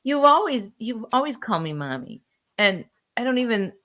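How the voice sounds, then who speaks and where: A woman's voice: fairly high pitch, big pitch swings, normal speed, a bit bright. A middle-aged woman co-hosting a podcast, talkative and laughing easily. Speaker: podcast co-host. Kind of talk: casual chat.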